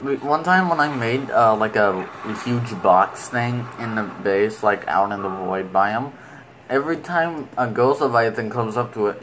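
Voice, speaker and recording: Slow, low-voiced man narrating gameplay. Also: fairly bright tone, a little hiss or hum, rough recording. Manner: rambling, talks fondly to in-game creatures. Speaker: video game player. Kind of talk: casual gameplay commentary.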